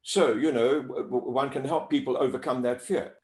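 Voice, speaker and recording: Speaking in a steady, mid-range tone, a man who coaches voices walks an interviewer through pronunciation, drawing out sounds as examples. His manner is clear and deliberate like a teacher's, with echo from the room around him.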